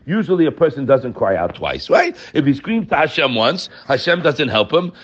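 A man giving an animated Torah talk, emphatic and full of rhetorical questions, mixing Hebrew terms into English. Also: medium pitch, lo-fi sound. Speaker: rabbi giving a Torah class.

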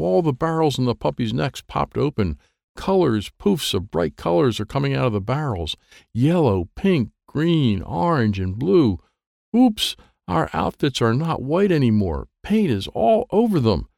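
A man reading a children's book aloud, lively and playful, with sound effects and character voices. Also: medium pitch, gravelly, no echo, clean studio sound. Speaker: audiobook reader.

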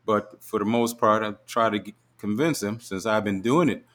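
A man's voice: on the low side, normal speed, fairly bright tone. A middle-aged man, a father, teasing and easygoing in casual family chat.

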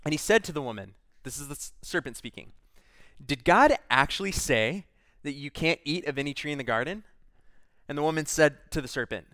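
A man's voice: a little high, sharp tone, no room sound. A man preaching a sermon, reading scripture aloud and stopping to explain it in a conversational way. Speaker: pastor.

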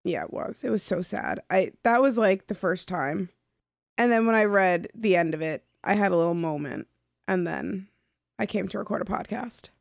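A woman's voice: lowish voice, normal speed, creaky, dry recording, studio quality. A woman co-hosting a book podcast, talking casually and emphatically about how moved she was. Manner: emphatic, gushing. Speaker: podcast co-host.

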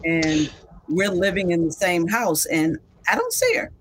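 A woman, a mother, speaking as a podcast guest in a reflective, measured way. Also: lowish voice, huge pitch swings, breathy edge. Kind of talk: podcast interview.

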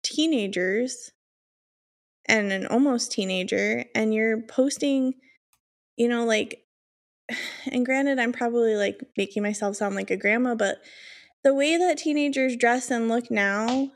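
A woman in her thirties, telling a lively story in casual chat, laughing often and swearing. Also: on the high side, measured pace.

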